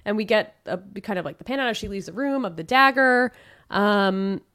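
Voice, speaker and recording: A woman's voice: medium pitch, normal speed, clear, resonant tone, dry recording. Chatty woman podcast host, dry close sound. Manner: animated, retells scenes with acted-out quotes. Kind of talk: casual recap chat.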